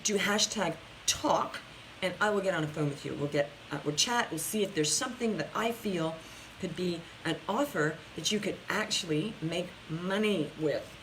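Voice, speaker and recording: A woman's voice: lowish voice, normal speed, fairly bright tone, slight background noise, low-quality recording. Upbeat woman coach on a live stream. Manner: upbeat, chatty, talks straight to viewers, frequent restarts. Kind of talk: casual live-stream talk answering viewer questions.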